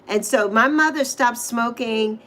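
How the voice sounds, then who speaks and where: A woman's voice: on the high side, unhurried, fairly bright tone, poor audio. A middle-aged woman from the Virgin Islands hosting a casual livestream, chatting and rambling between stories and greeting viewers by name. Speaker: livestream host.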